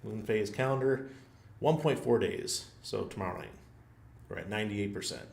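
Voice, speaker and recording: A man's voice: on the low side, moderate pace, creaky, darkish tone, a little hiss or hum. A man hosting his own channel, rambling through a funny story in a casual, self-mocking way with frequent laughs. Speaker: channel host. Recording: roomy echo.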